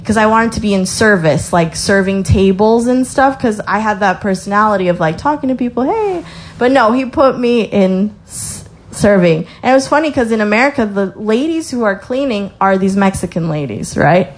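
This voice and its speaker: A woman's voice: medium pitch, moderate pace, few pauses. A young woman sharing a faith testimony in a casual sermon style, telling stories with acted-out quotes and reading scripture aloud. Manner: lively storytelling with acted-out quotes.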